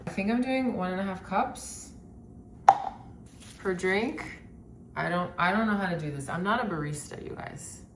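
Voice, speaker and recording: A woman's voice: medium pitch, normal speed, long pauses, background noise. A woman chatting casually in a day-in-my-life vlog from her home kitchen, rambling and swearing often as she moves around. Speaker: vlogger, identity coach.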